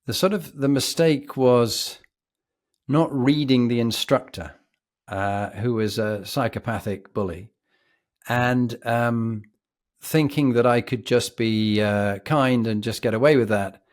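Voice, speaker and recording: A man's voice: mid-range voice, slow pace. A man with a posh British accent, a podcast guest telling vivid, reflective stories. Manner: reflective, vivid, animated storyteller. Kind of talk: anecdotal storytelling.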